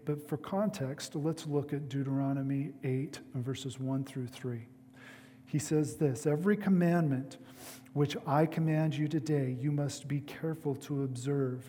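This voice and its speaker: A man preaching a sermon as a pastor, speaking in a measured way with pauses. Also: mid-range voice, mellow, in a large hall, a little hiss or hum.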